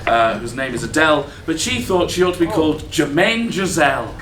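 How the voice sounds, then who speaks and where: A man's voice: fairly high pitch, animated, a little fast, crowd noise. Rambling man telling a comic story. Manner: rambling, self-deprecating, many ums. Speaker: improv comedy performer. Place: live comedy stage. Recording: echoey room with background noise.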